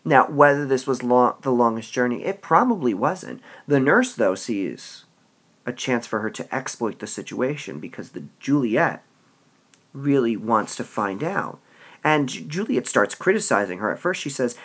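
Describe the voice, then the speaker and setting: A man teaching a literature lesson, reading passages aloud and explaining them with a lively manner and frequent "all right"s. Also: mid-range voice, normal speed, husky.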